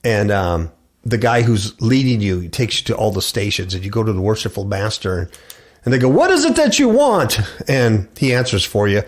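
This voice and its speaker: A man's voice: on the low side, brisk. A middle-aged man hosting a radio show, preaching and reading scripture aloud. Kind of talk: preaching bible commentary.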